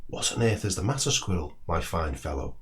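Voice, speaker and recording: A man doing a slow, pompous old owl. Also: deep voice, big pitch swings, a bit bright. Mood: measured. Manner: measured, deliberate, clipped upper-class tone.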